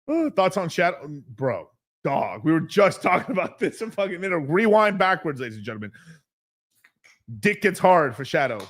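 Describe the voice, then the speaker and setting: A man's voice: high voice, big pitch swings, normal speed. A man hosting a casual live stream, hyped and joking, with plenty of swearing. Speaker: livestream host.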